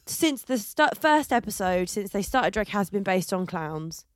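A woman co-hosting a podcast, chatting in an animated, gossipy way, swearing and laughing often into a handheld mic. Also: mid-range voice, unhurried, no echo, studio quality. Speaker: podcast co-host. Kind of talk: casual chat.

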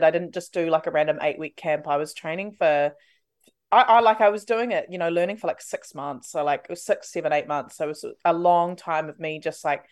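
Young New woman, casual chatty guest, low-pitched, filler-heavy. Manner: chatty, laughing, lots of "like" fillers. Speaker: radio host, podcast guest. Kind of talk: casual chat.

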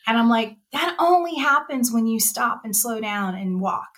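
A woman's voice: a little high, lively intonation, moderate pace, fairly bright tone. A middle-aged woman speaking passionately and from the heart as a nonprofit director in a podcast interview. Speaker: executive director of a trail nonprofit.

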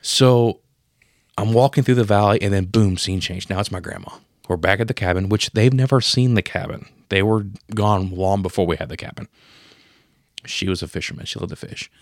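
A man in his thirties telling a personal story on a podcast, emotional and profane, marking each scene change with a sudden boom. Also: moderate pace, no room sound, clean studio sound. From Pennsylvania. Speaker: podcast co-host. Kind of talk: casual storytelling.

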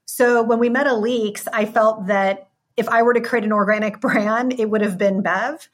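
A woman's voice: fairly high pitch, fairly even intonation, moderate pace. A woman answering interview questions as a wine company executive, in polished business language.

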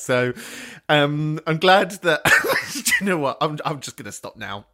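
A man's voice: fairly high pitch, huge pitch swings, unhurried, sharp tone. A man hosting a podcast, rambling and swearing, often breaking into giggles. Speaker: podcast host. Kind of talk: casual chat.

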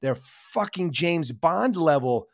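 A man in a casual film podcast chat, animated, laughing often and swearing casually. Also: fairly high pitch, slow pace, no echo, clean studio sound.

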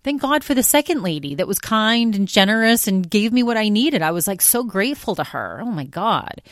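A woman's voice: medium pitch, big pitch swings, a little fast, no echo, studio quality. Rambling woman venting on her podcast. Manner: rambling, filler-heavy and exasperated. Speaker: podcast host. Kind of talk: casual solo podcast monologue.

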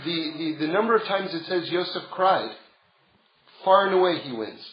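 Brief: high-pitched male Torah teacher, chatty then emphatic, roomy, dull lo-fi recording. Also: animated, moderate pace, slight background noise. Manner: conversational, builds to emphatic. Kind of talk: Torah class.

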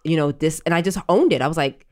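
A woman in her thirties talks through a personal story as a podcast host. Her voice sits a little low, and her delivery is chatty and reflective, full of casual fillers. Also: animated, fast, a little mellow. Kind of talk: candid conversational storytelling.

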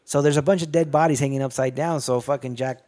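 A man's voice: mid-range voice, steady tone, fast, mellow. A man casually retelling a movie plot in a rambling, profane style, full of restarts and asides. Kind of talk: casual movie recap chat.

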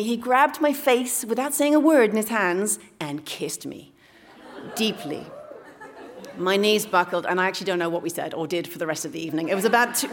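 A woman telling a candid personal story on stage in a playful way, dropping into hushed asides. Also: mid-range voice. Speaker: story slam finalist.

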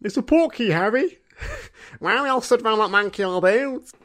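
A man's voice: sits high, lively intonation, moderate pace, bright, forceful tone, pitched above the performer's own voice. A man doing a whiny teenage wizard boy.

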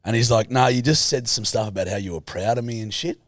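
A man's voice: mid-range voice, fast talker, no room sound, studio quality. A young man co-hosting a podcast, swearing freely and acting out his own stories in casual banter. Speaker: podcast co-host.

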